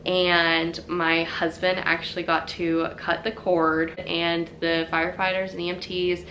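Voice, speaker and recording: A woman's voice: on the low side, monotone, measured pace, pushed and bright, a little hiss or hum. Chatty young woman telling a story. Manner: chatty, many "like" fillers. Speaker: vlogger telling her birth story. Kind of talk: casual storytelling to camera.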